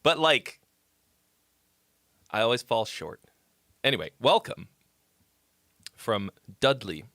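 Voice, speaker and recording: Lively, bright-voiced male stream host. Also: mid-range voice, takes it slowly, long pauses, no room sound, clean studio sound. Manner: loose, joking and profane, laughs easily; reads chat messages aloud. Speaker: livestream host reviewing songs. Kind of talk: casual live-stream chat.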